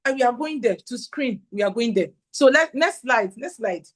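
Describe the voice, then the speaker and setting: Animated woman giving a parenting talk. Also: on the high side, normal speed, poor audio. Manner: animated, acts out quotes, asks audience questions. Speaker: parenting conference speaker. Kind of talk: conference talk with slides.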